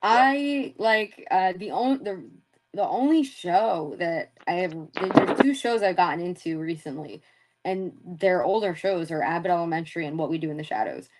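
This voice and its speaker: A woman's voice: fairly low pitch, lively intonation, normal speed. A young woman chatting loosely as an interview guest, laughing often and swearing freely. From Philadelphia area. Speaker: interview guest, former wrestler. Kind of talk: casual chat.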